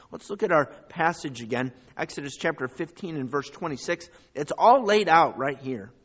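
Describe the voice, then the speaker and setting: A man preaching a sermon as pastor, rising to loud, high calls and dropping to quiet asides. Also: husky, lo-fi sound. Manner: preaching with big swings in pitch and loudness.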